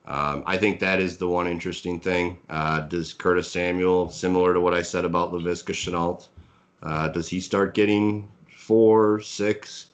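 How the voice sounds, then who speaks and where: A man co-hosting a fantasy football podcast, giving casual analysis with many fillers and hedges. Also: low voice. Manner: hedging, filler-heavy, analytical. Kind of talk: casual sports analysis chat.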